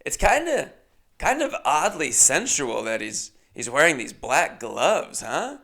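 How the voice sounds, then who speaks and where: A man's voice: on the high side, sing-song, a little slow, vocal fry, pushed and bright, exaggerated voice. Man doing a bubbly teasing female emcee. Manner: teasing, playful, showy. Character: bubbly blonde female event host, teasing crowd.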